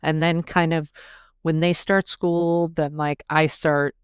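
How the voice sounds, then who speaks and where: Chatty woman telling her story, smooth voice. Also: deep voice, flat delivery, slow pace, no room sound, studio quality. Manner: chatty, full of fillers and quoted asides. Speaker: podcast guest, brewpub co-owner. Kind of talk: casual interview chat.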